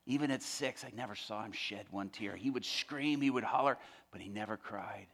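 A subdued adult man speaks in a low, grave voice, as a storyteller puts him on. The tone is bright and forceful. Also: moderate pace. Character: grown man recalling his brother, subdued.

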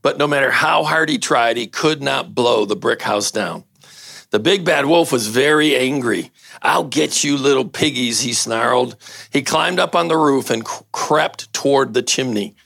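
A man's voice: mid-range voice, vocal fry, a bit bright, no room sound, studio quality. An older man, a pastor, giving a casual sermon, reading a story aloud and bantering with his audience.

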